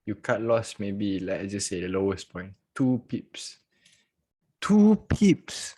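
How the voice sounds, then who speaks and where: A man's voice: fairly low pitch, fairly even intonation, unhurried, dark tone. A man hosting a casual live online trading class from home over a video call, chatty and joking, laughing often.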